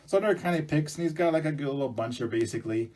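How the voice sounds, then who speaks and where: A storyteller who presents to schools tells a folk tale casually and chattily, throwing in asides to the listener. His voice is a little high and a little mellow, and he races along.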